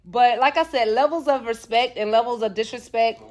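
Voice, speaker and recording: A lively young woman hosts a casual live chat, often laughing and acting out quoted lines in sudden shifts of voice. Her voice sits a little high for a woman. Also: moderate pace. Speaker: host.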